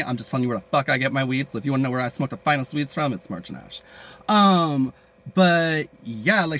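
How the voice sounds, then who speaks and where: A man's voice: medium pitch, fairly bright tone. A man rambling crudely and jokingly in a casual vlog, with many fillers and asides. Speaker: vlogger.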